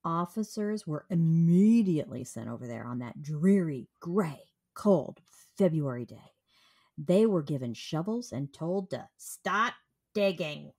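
A woman's voice: low-pitched, expressive, measured pace, darkish tone. Congested woman co-hosting a podcast. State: has a cold. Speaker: podcast co-host. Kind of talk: casual true crime chat.

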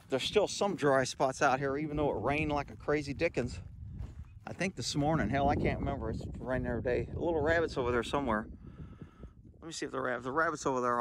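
A man chats casually while filming outdoors on a phone camera, his voice at an ordinary middle pitch. He rambles in a folksy way, swears casually and chuckles often. Faint outdoor ambience sits behind him. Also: noisy background. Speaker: channel host talking about his animals. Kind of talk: casual vlog chat. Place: outdoors in a yard.

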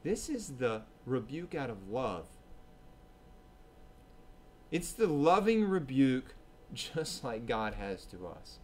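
A man's voice: medium pitch, sing-song, takes it slowly, pauses often, a little hiss or hum. A man preaching a sermon in church, talking conversationally, acting out what people say and checking in with "right?". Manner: conversational preaching, acts out quoted voices, asks "right?".

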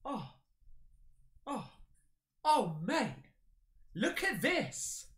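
A man hosting an excited unboxing chat, excitable, with loud exclamations, calling everyone mate. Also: very high-pitched, extremely slow. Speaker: paranormal YouTuber.

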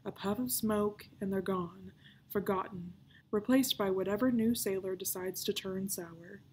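A woman's voice: mid-range voice, unhurried, darkish tone, slight background noise, lightly acted. A woman reading aloud, voicing a brooding, fatalistic male pirate captain of about thirty who talks in grim growls.

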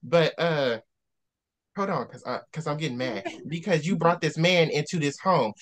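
A man with a somewhat high-pitched voice hosts a casual book discussion. He rants with real heat, circling back to the same phrases again and again to drive his point home. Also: normal speed. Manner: heated ranting, repeats himself for emphasis. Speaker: host.

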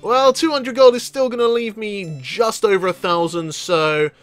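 A man commentating on a let's play in a chatty, excitable way, laughing often. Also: high voice, normal speed, no echo, soft background music. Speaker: gaming video host.

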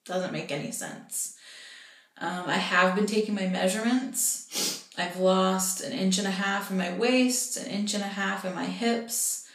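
A young woman talking candidly in a personal vlog, venting her frustration and discouragement with frequent pauses and ums. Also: fairly low pitch, a bit bright, reverberant. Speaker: vlogger.

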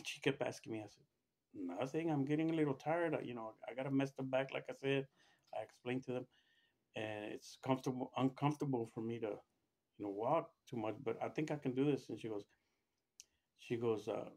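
Middle-aged man, plain mid voice, loose first-person storytelling with lots of restarts and animated quotes. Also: fairly quick, vocal fry, slightly rough. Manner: rambling, acts out quoted voices with raised pitch, many restarts. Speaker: storyteller recounting his own experience.

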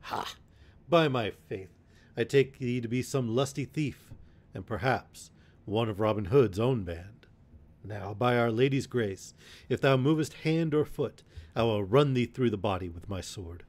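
A man voicing a gruff constable who blusters threats in a storybook reading. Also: mid-range voice, lively intonation, a little slow, a little mellow. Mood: threatening.

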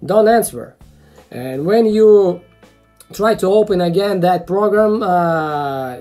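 A woman explaining a software fix in a casual tutorial, in halting non-native English full of fillers, frustrated and swearing now and then. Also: fairly low pitch. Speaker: video tutorial maker.

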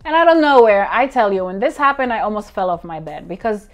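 A woman's voice: medium pitch, a little fast, faint music behind. Chatty woman reviewing a film. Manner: chatty, animated, with frequent laughs and fillers. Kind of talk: casual vlog film review.

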